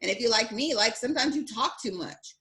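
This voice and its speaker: A woman's voice: on the high side, animated, a little fast, pushed and bright. A woman hosting a casual faith conversation, talking earnestly and emphatically, urging her listeners. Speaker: host.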